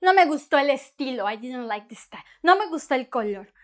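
A woman teaching a bilingual lesson, energetic and playful, acting out what a shopper and a seller would say. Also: high-pitched, fast talker. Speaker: Spanish teacher.

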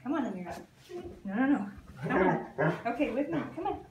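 A fairly high-voiced woman works with a dog, coaxing it with short repeated cues and pausing to explain what she is doing. She sounds some way off from the camera mic, with a roomy echo around her voice. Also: lively intonation, crowd noise. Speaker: dog trainer. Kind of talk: live training session with commentary to camera. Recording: echoey, from a distant camera mic.

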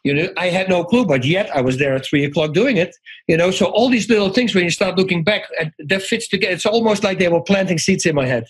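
A middle-aged man with a Dutch accent talks as a guest in a casual interview, his voice husky and pitched a little high. He tells his stories with animation, acting out quoted lines and often restarting his sentences. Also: quick pace, poor audio. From Netherlands.

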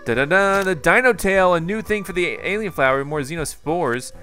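Young male gaming commentator, bright and slightly high voice, excitable and chatty with his viewers. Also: moderate pace, soft background music. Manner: excitable, jumpy exclamations, talks to viewers. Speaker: gaming YouTuber. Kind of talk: live gameplay commentary.

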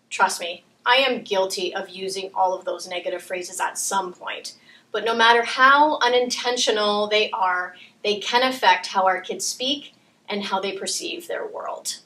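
Bright-voiced woman giving gentle parenting tips. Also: mid-range voice, slow pace, reverberant, recorded from a distance, rough recording. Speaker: early years parenting facilitator. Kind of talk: scripted parenting tips talk.

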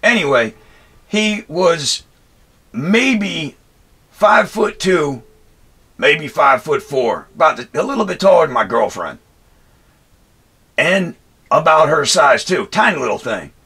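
A man vents about a run-in in a rambling, heated rant, swearing freely and repeatedly restarting his sentences. His voice has a bright, forward edge with a husky grain. He speaks as a Marine veteran talking straight to his viewers. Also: fairly high pitch, sing-song, slow, pauses often. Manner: profane, angry, rambling with restarts and "anyway". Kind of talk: heated personal storytelling rant.

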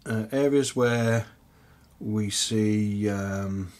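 A man hosting a casual miniature-painting tutorial, rambling with lots of fillers and muttering softly to himself as he paints, chewing peanuts as he talks. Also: on the low side, extremely slow. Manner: rambling, chatty, many fillers; chewing peanuts while talking. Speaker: miniature painting hobby channel host.

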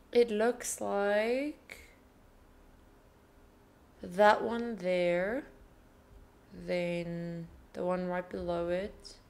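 A woman playing a video game and commenting casually, tender and emotional, cooing at a bear and swearing softly under her breath. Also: fairly low pitch, slight background noise. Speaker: gaming video host. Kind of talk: casual let's play commentary.

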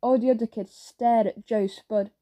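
A woman narrating a children's audiobook in a lively storytelling manner. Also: on the high side, moderate pace. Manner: lively storytelling with character voices.

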